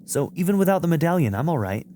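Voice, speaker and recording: A man's voice: a little high, sing-song, fast talker, slight background noise. A man doing a frightened young girl. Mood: tender. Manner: soft, pleading.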